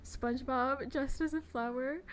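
A woman's voice: sits high, fairly even intonation, a little slow, a little hiss or hum. A woman streamer chatting casually on a live stream, gushing and giggling as she greets her viewers.

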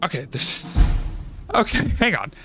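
A man with a slightly high voice rambles through casual, profane gameplay commentary and jumps to excited outbursts. Game music plays clearly behind him. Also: measured pace. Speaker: let's play gamer.

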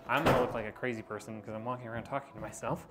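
While building a PC on a casual live stream, a man rambles chattily to his viewers, calling them y'all and sounding a little out of breath. He speaks very fast with medium pitch and fairly even intonation into a wireless clip-on mic, over music.

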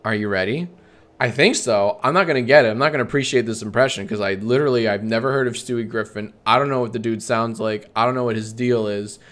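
Deadpan sarcastic male streamer. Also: medium pitch. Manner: deadpan sarcastic banter, frequent swearing. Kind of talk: comedy bit, talking with himself as a clone.

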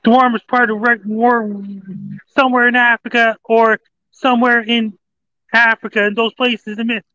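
Very high-voiced man, monotone, muffled. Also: clean tone, no room sound. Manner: halting, repetitive listing of places. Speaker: weather reporter guest. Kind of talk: casual call-in weather report.

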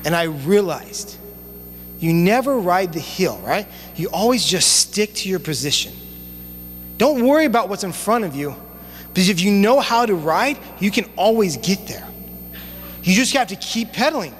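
A young man preaching a sermon as youth pastor, telling stories in a casual, animated way with relaxed slang. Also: high-pitched, moderate pace. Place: church sanctuary. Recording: long church hall reverb, faint hum.

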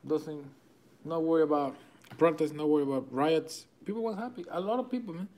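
A man with a Venezuelan Spanish accent, hosting a card break and rattling off names as he opens packs. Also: a little high. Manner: rapid-fire listing of cards, excitable, chuckling. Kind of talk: live card-opening commentary.

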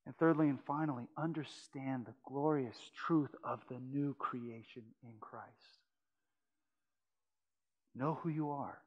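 A man preaching a sermon as pastor, swinging from loud urgent pleading to hushed, intimate tones. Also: medium pitch, fairly even intonation, slow pace, in a large hall, lo-fi sound. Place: church sanctuary.

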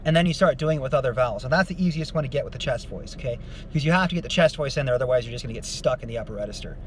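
A man explains singing technique in a loose, rambling way, his voice sitting at an ordinary middle pitch. Faint noise hums behind him as he talks through his lesson. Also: very fast. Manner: relaxed, rambling explanation with many fillers. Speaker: vocal coach. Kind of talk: casual singing lesson with demonstrations.

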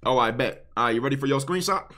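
A man's voice: mid-range voice, lively intonation, fast talker, sharp tone. A young man hosting a live stream, bantering loosely with callers and chat in heavy slang.

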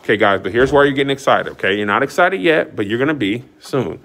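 A man's voice: mid-range voice, quick pace. A man giving a casual walking tour of his new studio space, hyping it up like a showman, recorded on a camera mic as he walks through a large empty building. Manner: excitable, showman-like announcing.

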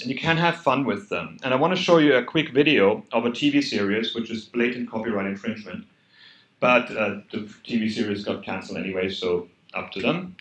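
German-accented man giving an echoey talk. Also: medium pitch. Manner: earnest, conversational, animated emphasis. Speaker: conference speaker. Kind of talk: conference talk. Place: hall at a hackday event.

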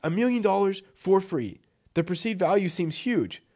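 A man's voice: high voice, animated, moderate pace, a little mellow. A man giving blunt, emphatic copywriting advice in a casual vlog, tossing in "like" and "right?" as he goes. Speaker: freelance copywriting coach.

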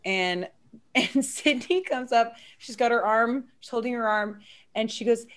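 A woman comedian hosting a casual live-stream interview, telling stories in a chatty, animated way with many fillers. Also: a little high, a little slow. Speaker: comedian host.

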